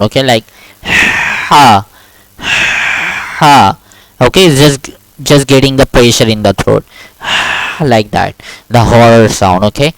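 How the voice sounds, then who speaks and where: A man's voice: medium pitch, dry recording. A man teaching an online one-on-one lesson, patient and repetitive, often checking "okay?" and demonstrating sounds. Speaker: Quran teacher. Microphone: video call.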